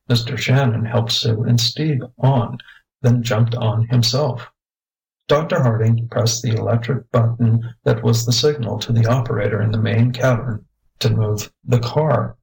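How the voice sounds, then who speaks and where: A male audiobook narrator telling an adventure story in an even, unhurried way. His voice sits at a plain middle pitch, steady from line to line. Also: gravelly, low-quality recording. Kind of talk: scripted narration.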